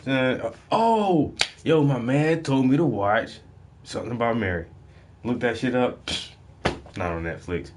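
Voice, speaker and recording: A man's voice: mid-range voice, lively intonation, a little slow, long pauses, a little hiss or hum. Laid-back cussing man in a drawl. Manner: profane, laid-back slang, laughs often. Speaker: painting vlogger. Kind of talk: casual livestream chat while painting. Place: home room with fluorescent lights.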